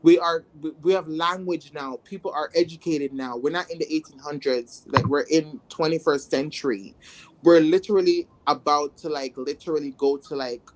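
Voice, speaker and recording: A trans woman from Jamaica telling her life story in casual talk, animated and acting out her past thoughts with exclamations. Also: deep voice, normal speed.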